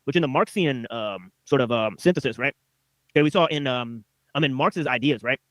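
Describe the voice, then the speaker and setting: A man's voice: medium pitch, a little fast, no room sound. A male host of a live stream, reading philosophy texts and commenting on them in a rambling way, tagging nearly every phrase with "right?".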